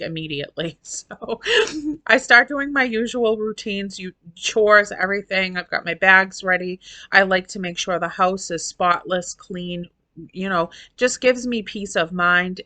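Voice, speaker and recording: A woman's voice: lowish voice, pushed and bright, dry recording. A middle-aged woman vlogger chatting casually to her viewers, effusive and emotional, rambling as she talks.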